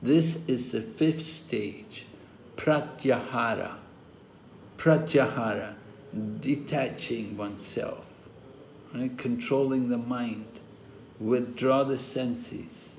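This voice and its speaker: Slow, deliberate man lecturing. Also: mid-range voice, a little mellow. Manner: slow, deliberate explaining with occasional chuckles. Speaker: spiritual teacher leading a scripture course. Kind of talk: scripture class lecture. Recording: roomy echo with faint ambient noise.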